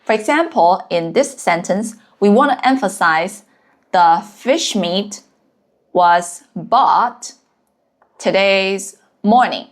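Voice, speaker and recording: Super slow woman tutor going through characters stroke by stroke, close mic. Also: medium pitch, animated. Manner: slow, careful, counting out strokes one by one. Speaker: Chinese language teacher. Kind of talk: slow step-by-step lesson narration.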